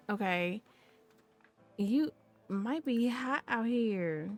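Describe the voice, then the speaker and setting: A woman's voice: a little high, slow pace, soft background music. A woman giving casual, playful commentary on a life-simulation game, chatting to her viewers and to the characters on screen. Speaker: gameplay commentator.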